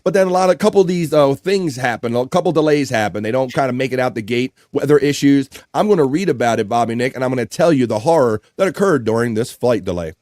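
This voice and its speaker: Talking fast with few pauses, a mid-range-voiced man hosts a live stream show and reads viewer comments aloud. He's animated, jokes a lot and laughs frequently, and the recording is studio quality with no echo.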